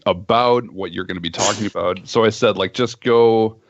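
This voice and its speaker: A man's voice: lowish voice, moderate pace, muffled recording. A man chatting casually as a guest on a livestream, joking and self-deprecating. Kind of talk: casual chat.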